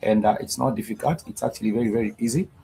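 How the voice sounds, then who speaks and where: A man's voice: fairly low pitch, racing, vocal fry, warm tone, slight background noise, rough recording. A man teaching a live-streamed language lesson, patiently repeating words and breaking them into syllables. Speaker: Swahili teacher.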